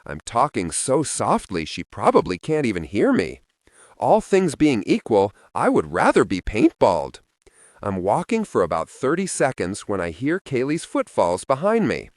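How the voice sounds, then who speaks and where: Expressive male audiobook narrator. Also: medium pitch, moderate pace, dry recording, clean studio sound. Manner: expressive, shifting voices for characters. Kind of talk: first-person audiobook narration.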